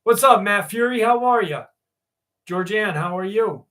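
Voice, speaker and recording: A man's voice: sits high, animated, unhurried, sharp tone. A man hosting a casual live stream, joking and swearing as he greets viewers by name and reads a story aloud.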